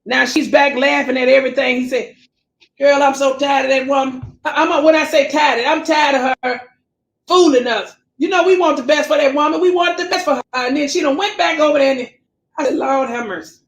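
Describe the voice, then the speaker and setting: A woman's voice: high-pitched, a little fast, gravelly, echoey room, rough recording. A woman who hosts a casual livestream, chatting with viewers and reading out their comments, repeating herself and starting over a lot. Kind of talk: casual live chat commentary.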